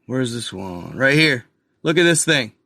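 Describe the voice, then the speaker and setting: A man's voice: medium pitch, very animated, unhurried, sharp tone, no room sound, clean studio sound. A man hosting a casual screen-share video, talking straight to his viewers with restarts and frustrated asides. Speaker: video host.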